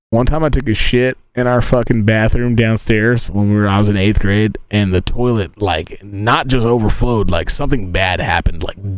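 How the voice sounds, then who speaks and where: A man's voice: on the low side, no echo. A young man streaming from inside a tent, chatting and telling stories in a crude, joking, rambling way. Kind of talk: casual live-stream chat and storytelling.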